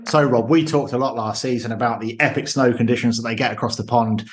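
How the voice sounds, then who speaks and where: A man's voice: medium pitch, fairly even intonation, quick pace, soft background music. A man hosting a podcast, chatting with a guest in a friendly, casual way. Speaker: podcast host. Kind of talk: casual interview chat.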